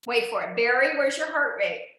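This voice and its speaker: A woman's voice: on the high side, expressive, normal speed, bright, forceful tone. A woman instructor coaching an indoor cycling class, encouraging riders and checking in on each of them by name. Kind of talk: live online fitness class coaching. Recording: very echoey room.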